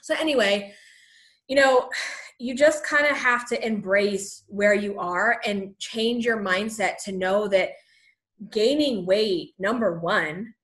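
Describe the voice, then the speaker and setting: A pregnant vlogger in her thirties chats casually to the camera, sharing pregnancy advice in a slow, mid-range, fairly bright voice. She's encouraging and a little out of breath, and "you know" comes up often.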